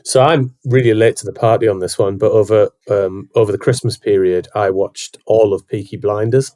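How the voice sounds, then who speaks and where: A man's voice: lowish voice, fairly even intonation, normal speed, warm tone. A man chatting on a podcast in a jokey, self-deprecating way. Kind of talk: casual podcast chat.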